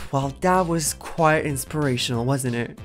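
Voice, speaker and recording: A woman's voice: deep voice, unhurried, faint music behind. A woman giving a satirical drawing tutorial as a voice-over, playful, mock-boastful and sarcastic. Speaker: YouTube artist.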